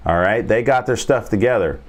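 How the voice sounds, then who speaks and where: Man, trading coach, low voice, rambling casual commentary, joking, speaks straight to viewers. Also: a little fast. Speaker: trading coach and stream host.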